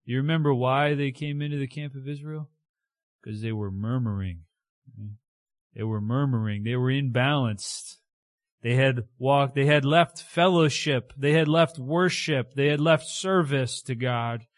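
A man preaching a conversational, animated sermon who keeps checking in with his listeners. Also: mid-range voice, a little slow, no room sound, studio quality.

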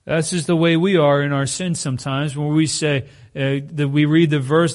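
A man's voice: on the high side, fairly even intonation, moderate pace, hardly any pauses. A male pastor giving a sermon in a conversational way, often putting rhetorical questions to the congregation.

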